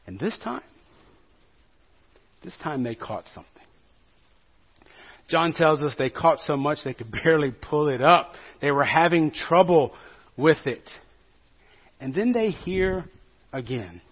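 This pastor's voice is fairly high and carries a breathy edge as he preaches in a church, unhurried and pausing often. His sermon is relaxed and full of jokes, with questions tossed to the congregation, all captured on a dull, lo-fi recording.

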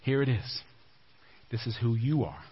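A man's voice: lively intonation, measured pace, slightly rough. Conversational male preacher, lo-fi sound. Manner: conversational, dropping to a hushed low voice for emphasis. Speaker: pastor. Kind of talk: sermon. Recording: dull lo-fi recording.

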